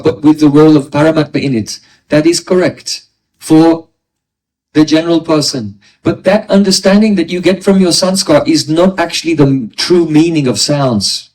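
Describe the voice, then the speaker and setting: A man's voice: on the high side, darkish tone. Man lecturing from a distance. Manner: explains with everyday examples, asks listeners "right?". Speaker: spiritual teacher. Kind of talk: devotional class lecture.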